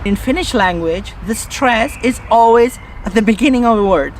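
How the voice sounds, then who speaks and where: A woman's voice: medium pitch, a little hiss or hum. A woman in a casual vlog, chatting outdoors in a forest and explaining songwriting. She talks in a chatty way, thinking aloud and asking herself questions.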